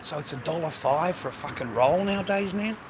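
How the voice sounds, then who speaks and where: A man's voice: on the high side, animated, fairly quick, noisy background. A middle-aged Australian man vlogging outdoors on a phone, swearing constantly and tagging mate onto nearly every line. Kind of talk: rambling street vlog. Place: outdoors on city streets.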